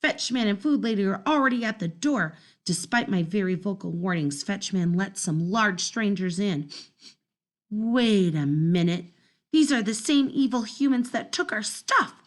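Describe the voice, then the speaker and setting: A woman reading a children's storybook aloud in the first person, telling it in an expressive, dramatic way. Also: mid-range voice, a little slow. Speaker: storybook narrator.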